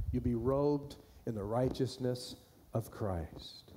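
A man's voice: medium pitch, normal speed, warm tone, a little hiss or hum. A man preaching a sermon to his church, folksy and repeating key phrases for emphasis. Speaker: pastor.

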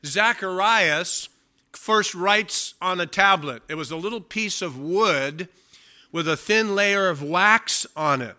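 Bright-voiced man preaching with emphasis. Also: high voice. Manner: emphatic, slows down to stress key phrases. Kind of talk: sermon with Bible reading.

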